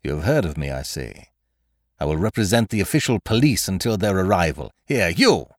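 A man's voice: sits low, very animated, fairly quick, dry recording, studio quality, voice pushed down. A man voicing a cool, commanding detective who speaks in a cold, clipped way. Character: cool, commanding male detective, middle-aged.

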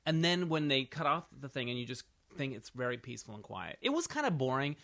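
A man in his thirties co-hosts a casual podcast, spinning loose anecdotes with an easy laugh. His voice is bright and forward at a middle pitch. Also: sing-song, fast talker, vocal fry. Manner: chatty storyteller, laughs easily. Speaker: podcast co-host. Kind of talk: casual chat.

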